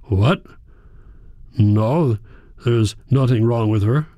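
A man voicing a gruff, awkward father over seventy who speaks in halting, hesitant bits. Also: mid-range voice, dark tone, dry recording, studio quality. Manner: halting, hesitant, few words.

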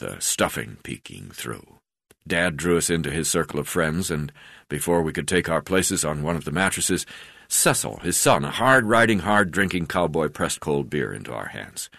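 A man reading his memoir aloud, in a halting way with frequent hesitations. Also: low voice, creaky, fairly bright tone, dry recording, studio quality. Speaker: memoir narrator.

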